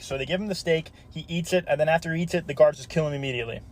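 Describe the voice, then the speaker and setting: Fast-talking man telling crude jokes. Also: on the high side. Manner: brisk, deadpan setups leading to punchlines, with swearing. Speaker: joke storyteller. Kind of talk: telling crude jokes as first-person stories.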